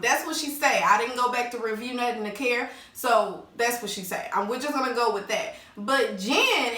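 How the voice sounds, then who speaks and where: A woman's voice: a little high, bright, forceful tone, echoey room, distant mic. A woman recapping a reality TV episode in a blunt, opinionated way, calling people out and acting out the cast's lines. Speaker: recap vlogger.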